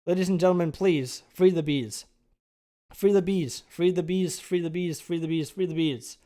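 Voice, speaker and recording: A man's voice: on the high side, unhurried, dark tone. A male streamer making casual asides while he reads aloud.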